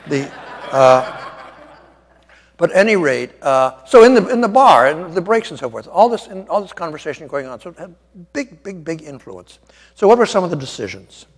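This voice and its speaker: Older priest lecturing in a reverberant church. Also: male voice, a little high, big pitch swings, moderate pace. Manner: discursive, wry asides, frequent ums and restarts. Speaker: guest lecturer, Catholic priest.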